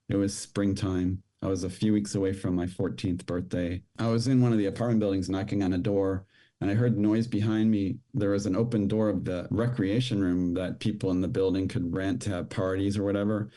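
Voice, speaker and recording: Low, dark-voiced man recounting. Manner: plain, halting storytelling with fillers. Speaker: podcast guest. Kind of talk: personal testimony.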